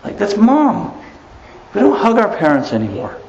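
Animated man preaching in an echoey room. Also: high-pitched, moderate pace. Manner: animated, rhetorical, chuckles often. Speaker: Islamic preacher. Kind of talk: religious lecture. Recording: roomy, slightly dull recording with faint noise.

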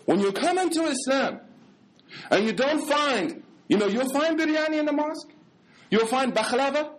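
An American man, an imam, giving a lively religious lecture in casual street slang mixed with scholarly terms. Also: high voice, slight background noise. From United States.

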